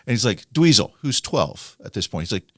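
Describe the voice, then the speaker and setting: A male podcast co-host tells music history stories in a casual, animated chat, acting out the voices of the people he quotes. His voice is lowish, brisk, and husky, recorded at studio quality with no room sound.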